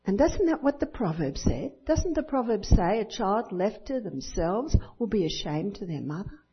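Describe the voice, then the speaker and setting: With big swings in pitch around a mid-range, breathy voice, an older woman preaches at a moderate pace. The Christian speaker tells personal stories and imitates children and others, and the recording is dull and lo-fi.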